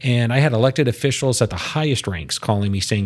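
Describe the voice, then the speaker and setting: With a medium-pitched voice, he talks quickly and barely pauses as an American guest on a casual podcast interview. He makes emphatic points, piles on statistics, and repeats words as he gets going.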